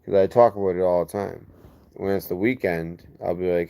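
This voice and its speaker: Low gravelly man chatting on a livestream. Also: steady tone, dark tone. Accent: lazy-sounding regional accent. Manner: rambling, gets heated and fast when defending himself. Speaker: livestream host. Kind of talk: casual livestream chat reading comments.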